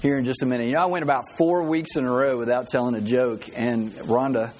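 A man's voice: medium pitch, fairly even intonation, fast talker, a little mellow. A man preaching a sermon as pastor, a folksy, joking storyteller who greets visitors and tells a funny story before his message.

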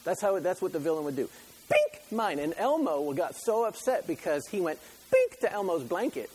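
A man's voice: fairly high pitch, animated, a little fast, darkish tone, a little hiss or hum, rough recording. A middle-aged man preaching a sermon in a conversational, joking way, full of rhetorical questions. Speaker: pastor.

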